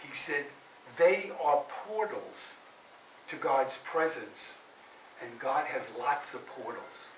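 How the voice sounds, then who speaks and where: Male minister preaching in an echoey hall, mic set back, faint hiss, storyteller who swings from loud to soft. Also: medium pitch, slow. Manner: animated storyteller, rising loud for drama and dropping soft for quiet lines. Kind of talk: sermon storytelling. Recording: roomy echo, heard from a distance, faint hiss.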